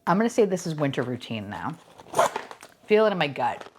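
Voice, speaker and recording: A young woman with a lowish voice that leaps all over the place, chatting casually through an unboxing. She swears freely and squeals and gasps at each find, her talk running from low mutters to sudden high shrieks. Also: brisk, noisy background. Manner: excitable and profane, gasping and squealing at finds. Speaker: unboxing vlogger.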